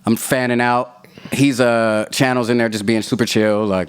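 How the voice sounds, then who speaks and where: A man's voice: medium pitch, steady tone, moderate pace, clean tone. A man, a rapper guest on a podcast, telling a long profane story in casual talk and acting out other people's lines.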